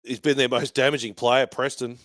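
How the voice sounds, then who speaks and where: A man's voice: mid-range voice, flat delivery, a little fast, fairly bright tone, no room sound, clean studio sound. A man hosting a fan live stream from a bar, giving casual, sweary match commentary and banter.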